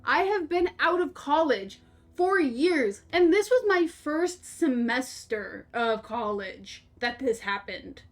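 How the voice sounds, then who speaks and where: Animated high-voiced young woman streamer. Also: slow pace. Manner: rambling, animated, laughing, swears casually. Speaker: game streamer. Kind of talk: casual storytelling while playing.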